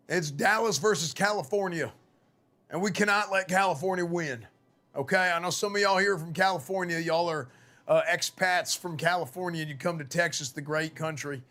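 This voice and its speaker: Hoarse, rowdy man. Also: on the high side, moderate pace, long pauses. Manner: loud, profane, rallying. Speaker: streamer playing a football coach. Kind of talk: mock locker-room pep talk, live gaming stream.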